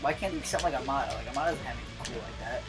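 A woman's voice: rumbling low, racing, rough recording. A young woman streaming, chatting casually and bluntly over a match, swearing a lot and rambling. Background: music.

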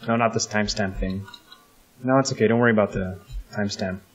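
Male gamer calling plays in co-op, prone to excited yelps, dull home mic. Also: lowish voice, quick pace. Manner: swearing, excitable outbursts, directing the play. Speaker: co-host playing a game. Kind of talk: casual gaming chat.

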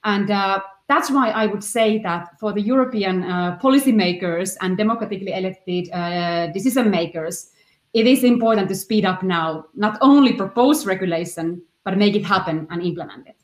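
A woman's voice: mid-range voice, normal speed, roomy sound. A woman on a policy panel, arguing directly and with emphasis. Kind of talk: panel discussion.

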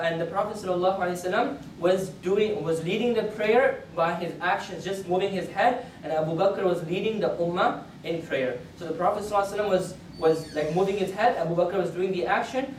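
A man's voice: high voice, a little hiss or hum. Man telling a sermon story, earnest, repeats himself a lot, echoey room, kinda far off. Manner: earnest retelling with repeated phrases, voice rising for quoted speech. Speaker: imam giving the Friday sermon. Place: mosque prayer hall. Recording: echoey hall, voice from a distance.

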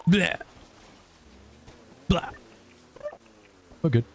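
A man streaming a roleplay game, chatting casually with friends, playful and quick to laugh. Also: a little hiss or hum. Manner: laughing, playful, talks in a pirate growl. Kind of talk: casual gaming chat.

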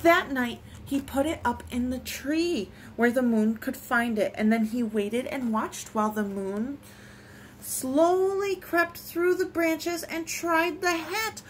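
Storytime reader, woman, high, slow and lilting, expressive. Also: a little hiss or hum. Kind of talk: reading picture books aloud.

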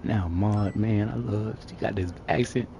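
A man's voice: fairly low pitch, measured pace, creaky, lo-fi sound, background noise. A man live-streaming a roleplay, trading flirty, joking banter and putting on a street accent now and then. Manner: slips into a put-on street accent.

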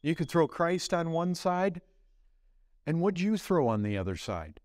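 Animated man preaching a sermon. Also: measured pace, no echo, studio quality. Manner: animated preaching, swings between loud exclamations and hushed low lines. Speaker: pastor.

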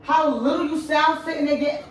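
A woman's voice: high-pitched, steady tone, a little fast, heavy reverb, distant mic, slight background noise. A woman arguing with her boyfriend, blunt and scolding with heavy cursing. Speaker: girlfriend in prank video. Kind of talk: heated couple argument.

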